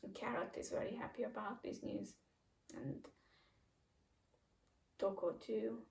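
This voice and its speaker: A woman's voice: medium pitch, lively intonation, unhurried, pauses often, warm tone, echoey room, far from the mic, low-quality recording. A woman reading a manga chapter aloud and chatting casually about what happens, voicing the dialogue with mild changes of voice. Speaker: manga reaction reader.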